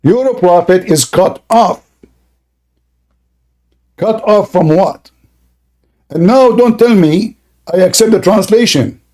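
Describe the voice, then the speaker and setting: Combative high-voiced man, straining throat. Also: takes it slowly, pauses often, dark tone. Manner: combative, insulting, repeats questions. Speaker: debate host. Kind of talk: heated online debate.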